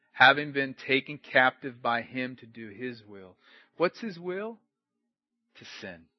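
A man preaching a sermon, shifting from loud outbursts to hushed, low-spoken warnings. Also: no room sound, dull audio. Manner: dramatic swings from loud to hushed. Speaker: pastor.

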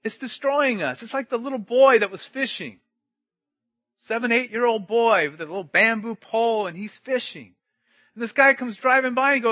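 Male preacher, high voice, dramatic loud-to-hushed delivery, dry muffled recording. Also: normal speed, no room sound. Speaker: pastor. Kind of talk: sermon.

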